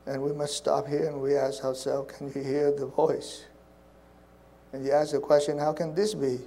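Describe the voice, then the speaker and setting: A man preaching a sermon in an earnest way, repeating phrases and dropping to soft, hushed tones. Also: fairly high pitch, level tone, normal speed, poor audio.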